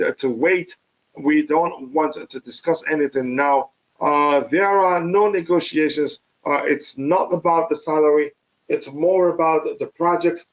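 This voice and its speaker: A man hosting a live football stream, talking casually with many fillers and restarts, his voice a little hoarse. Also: a little high, low-quality recording. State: slightly hoarse.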